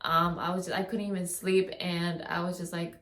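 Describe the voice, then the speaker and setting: A young woman vlogger with a low-ish, fairly bright voice tells a long personal story to the camera at a moderate pace with flat delivery. The casual storytime rambles, leans heavily on "like," and keeps restarting sentences, recorded with a roomy echo.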